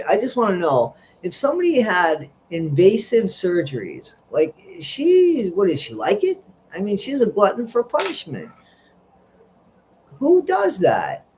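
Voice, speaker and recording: There's a faint hiss or hum behind this middle-aged man's voice, which is on the high side with a darkish tone. As host of a casual livestream, he chats and gossips loosely while reading out what viewers have written.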